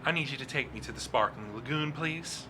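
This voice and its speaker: A man voicing a suave, menacing man who speaks in a smooth, politely threatening way. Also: medium pitch, a little fast, bright, forceful tone, a little hiss or hum, pitched above the performer's own voice, close to an everyday voice. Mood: calm commanding.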